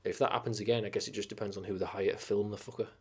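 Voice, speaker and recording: A man with a lowish voice talks loosely on a live stream and rambles from one film to the next. He swears freely and gets carried away with enthusiasm. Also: flat delivery, very fast, slightly rough. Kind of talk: casual live-stream chat.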